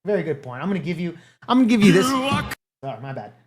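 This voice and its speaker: A man's voice: high voice, big pitch swings, fast, faint music behind. A man hosting a stream, reacting to clips in rambling, profane casual commentary. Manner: profane, rambling, laughs often. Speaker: stream host.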